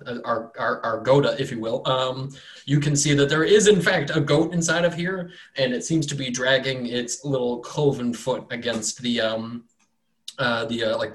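A man's voice: mid-range voice, fairly bright tone. A man narrating as game master, rambling loosely with fillers and self-corrections.

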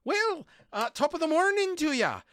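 A man putting on an exaggerated, jolly stage Irishman with a thick, overdone Irish accent, hammy and loud. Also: very high-pitched, sing-song, moderate pace, dry recording, clean studio sound, pitched above the performer's own voice, full character voice.

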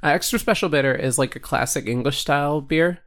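A man's voice: on the high side, fairly quick, a bit bright. A man co-hosting a casual podcast, talking in an easygoing, playful way and trailing off with fillers. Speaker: podcast co-host. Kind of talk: casual chat.

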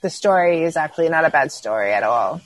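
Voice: medium pitch, expressive, fast talker, no room sound, rough recording. A speaker in casual podcast chat about movies, laid-back and chiming in with lots of filler words.

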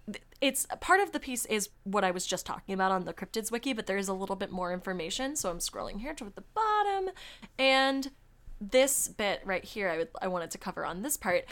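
Woman podcast host, middle pitch, chatty and quick, lots of "like". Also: sing-song, fairly bright tone. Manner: chatty, fast, full of "like" fillers and laughs. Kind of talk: casual podcast chat, reading articles aloud.

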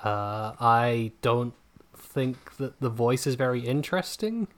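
A man's voice: medium pitch, expressive, takes it slowly. A man co-hosting a podcast in casual chat, rambling with restarts, laughing often and swearing freely. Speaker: podcast co-host.

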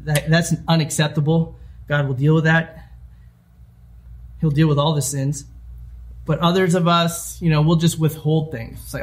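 A young adult man preaching a sermon in a conversational way, with quick asides and acted-out everyday quotes. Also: fairly high pitch. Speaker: pastor.

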